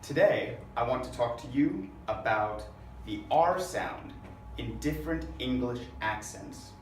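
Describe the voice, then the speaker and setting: An American man teaching English, explaining and demonstrating pronunciation in a deliberate, instructive way. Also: mid-range voice, expressive, slight background noise. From United States. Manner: slow, deliberate, demonstrating words. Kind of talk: spoken accent lesson. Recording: roomy echo, mic at a distance.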